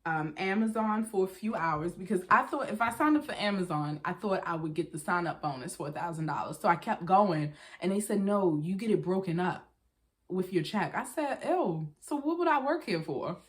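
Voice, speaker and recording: A young woman vlogs straight to the camera in a loose, chatty storytime monologue. Her voice sits a little low for a woman, and she keeps slipping into quick quoted voices as she retells what people said to her. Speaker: vlogger.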